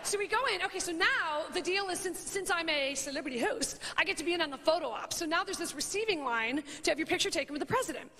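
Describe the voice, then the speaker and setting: A woman in her thirties rambling through a funny anecdote in an animated, chatty way, full of "like" and "you know", laughing at her own story. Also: very high voice, quick pace, hardly any pauses. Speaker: comedian and talk show host. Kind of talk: comedic storytelling monologue.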